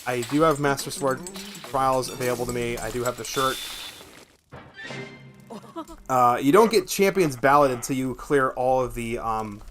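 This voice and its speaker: A young man with a gravelly voice, streaming a game from home and chatting in a rambling, profane way. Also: medium pitch. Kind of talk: casual gameplay chat.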